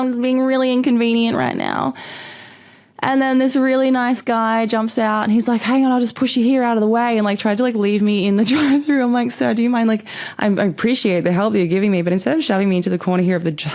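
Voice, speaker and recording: A woman's voice: deep voice, a little mellow. A young woman hosting a podcast in casual chat, rambling and bubbly, laughing often and swearing freely. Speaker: podcast host.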